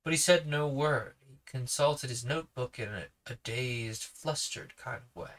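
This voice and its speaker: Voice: medium pitch, a little slow, a bit bright. Sleepy, casual, reading a novel aloud, podcast narrator. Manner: casual asides between narration. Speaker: podcast reader.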